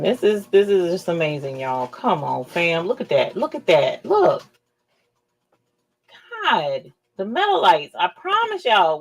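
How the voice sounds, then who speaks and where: A woman hosts a casual craft livestream at an unhurried pace. She gushes over the work and keeps repeating little phrases to her viewers, whom she calls fam. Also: lowish voice. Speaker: livestream host showing rhinestone shirts.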